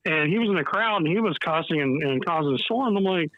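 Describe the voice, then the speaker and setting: A man's voice: fairly high pitch, fast talker, phone-quality sound. A man telling old wrestling stories in casual chat, acting out quotes and laughing. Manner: animated, acts out quotes with laughter. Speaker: retired wrestler, podcast guest.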